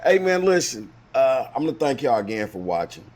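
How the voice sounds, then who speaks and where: A man hosting a show, retelling a Bible story as casual comedy with slang, acting out the characters in lively voices. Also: medium pitch, a little fast. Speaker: host.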